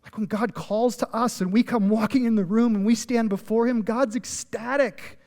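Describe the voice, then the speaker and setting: A man's voice: extremely high pitch, steady tone, normal speed, darkish tone, big-room sound. A man preaching a sermon as a pastor, casual and emphatic, leading the audience to answer back. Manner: conversational, emphatic, frequent "like"; leads the audience in call-and-response. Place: church sanctuary.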